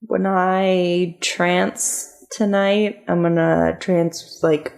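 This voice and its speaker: A woman player at a tabletop game who gives short, tentative answers. Her voice sits a little low and she speaks slowly. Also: flat delivery, gravelly, a little mellow. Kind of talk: casual chat.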